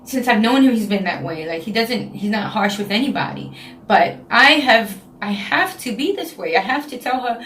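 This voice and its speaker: A woman's voice: fairly high pitch, expressive, normal speed, fairly bright tone, echoey room, a little hiss or hum. A woman in her late thirties with a New York accent, talking frankly and emotionally in a casual confessional vlog, often repeating her phrases. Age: 30s. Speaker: vlogger. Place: home, indoors.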